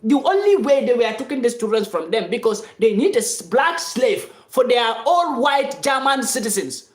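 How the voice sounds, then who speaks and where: A live-stream commentator giving an impassioned, off-the-cuff monologue to followers, insistent and repetitive, sometimes rising to shouts. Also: high voice, echoey room. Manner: fiery and insistent, repeating phrases, rising to shouts.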